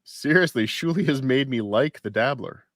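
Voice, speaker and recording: A man's voice: mid-range voice, lively intonation, moderate pace, a bit bright, no room sound. Dry-voiced male podcast co-host. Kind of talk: casual podcast chat, reading posts aloud.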